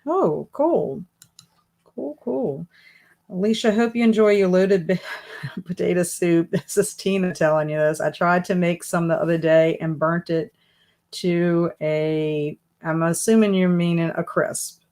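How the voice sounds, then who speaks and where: A woman's voice: lowish voice, steady tone, a little slow, darkish tone. A woman hosting a casual live stream from her home office, chatting and answering viewer comments as they come in. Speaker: booktube live stream host.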